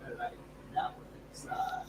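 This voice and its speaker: A man's voice: takes it slowly, heavy background noise. A man hosting a live comic book auction stream, chatting casually and rambling with jokes, feeling sick from food poisoning. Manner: rambling, jokey, laughs easily.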